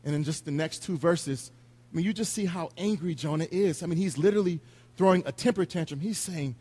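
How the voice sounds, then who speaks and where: A man's voice: a little high, brisk, dark tone, breathy edge. A man preaching a sermon in an earnest, confessional way, retelling scripture in everyday words.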